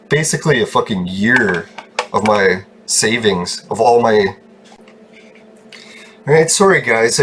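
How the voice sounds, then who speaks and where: Streaming a game from his room at home, a man rambles through an angry rant, swearing constantly. His mid-range voice has a fairly bright tone, with a little hiss or hum in the recording.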